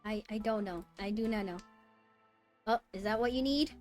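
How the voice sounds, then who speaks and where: A woman streaming a game, chatting casually, swearing often and jumping from low mutters to squealing disbelief. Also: moderate pace, darkish tone. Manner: swings from mumbled muttering to high yelps of disbelief, swears often. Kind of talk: casual live-stream chat while gaming. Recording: faint music behind. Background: faint background music.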